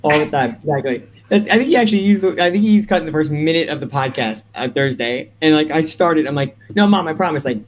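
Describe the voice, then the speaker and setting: A man's voice: a little high, fast talker, few pauses. Chatty young man rambling casually. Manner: chatty, rambling, filler-heavy. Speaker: podcast co-host. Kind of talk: casual chat.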